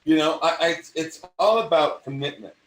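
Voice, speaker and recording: Older man acting coach, mid-Atlantic speech, fairly high voice, rambling chat, echoey room, off-mic. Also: fairly quick, distant mic. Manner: animated, rambling, self-interrupting. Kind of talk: casual conversation.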